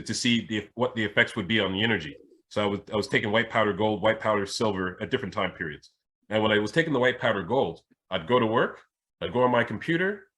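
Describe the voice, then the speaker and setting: Husky-voiced man telling stories. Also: fairly low pitch. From Jamaica. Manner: animated anecdote telling with frequent restarts. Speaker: spiritual teacher and podcast host. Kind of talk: casual storytelling chat.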